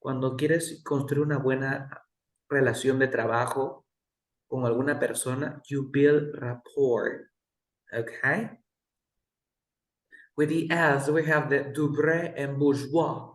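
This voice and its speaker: A man teaching English pronunciation one-to-one, patiently modeling words slowly and repeating them. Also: medium pitch, steady tone. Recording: echoey room.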